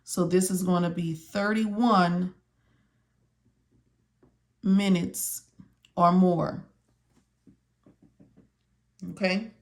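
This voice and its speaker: A woman's voice: fairly low pitch, steady tone. A woman teaching medical coding, walking viewers step by step through a study lesson and repeating her instructions and questions as if they could answer. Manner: slow, repetitive, talks to viewers as if they can answer.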